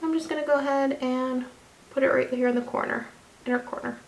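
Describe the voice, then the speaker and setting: A woman's voice: sits high, steady tone, brisk, vocal fry. A young woman chatting casually through a makeup tutorial as a beauty vlogger, rambling, self-deprecating and restarting her sentences.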